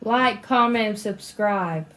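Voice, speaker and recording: A woman's voice: medium pitch, slow, fairly bright tone. A woman co-hosting a casual snack taste-test vlog with her sister, reacting playfully and expressively. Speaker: vlog co-host.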